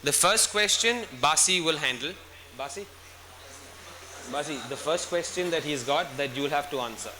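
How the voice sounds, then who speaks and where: A man's voice: a little high, lively intonation, normal speed, noisy background. A man answering student questions at a school event, instructive and checking in often with "okay?". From India.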